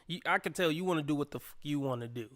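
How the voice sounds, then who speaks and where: Blunt profane man with a bright voice. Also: fairly high pitch, fast talker. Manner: blunt and profane, mocks by quoting in a put-on voice. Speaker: livestream commentator. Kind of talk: reaction livestream commentary.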